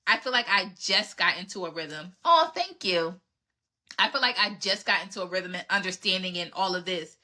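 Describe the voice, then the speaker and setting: A woman's voice: medium pitch, pushed and bright. A woman in her thirties hosting a podcast, giving candid, emphatic relationship advice and acting out her exchanges with past dates. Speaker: podcast host answering relationship questions. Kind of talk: casual advice talk.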